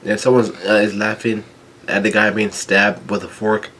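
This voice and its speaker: A man reading a comic chapter aloud, stumbling, restarting words and filling pauses with ums. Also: on the low side, level tone, a bit bright, a little hiss or hum. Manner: halting, with frequent restarts and ums. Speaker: manga chapter reader.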